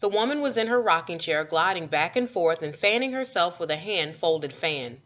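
A woman reading a children's story aloud with expressive, lively storytelling. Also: lowish voice, normal speed, a little hiss or hum. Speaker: storybook reader. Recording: dull lo-fi recording.

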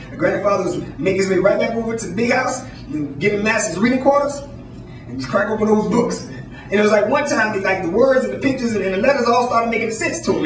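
A man telling a story live, halting with ums and restarts. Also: very high voice. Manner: halting, many ums and restarts, laughs nervously. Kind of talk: live spoken-word storytelling. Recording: echoey room, distant mic.

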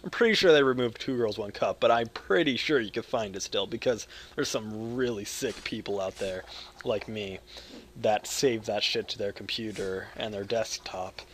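A man from the United States giving rambling gameplay commentary, loud and jokey with crude humor, swinging between yelling and mumbling. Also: lowish voice, moderate pace, a little hiss or hum. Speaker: gaming video creator.

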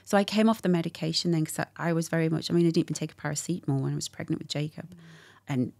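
A woman telling a personal story as a guest in a candid conversation, animated and acting out what people said, with frequent laughs. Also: low-pitched, rapid-fire, vocal fry. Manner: animated, acts out quotes, laughs often.

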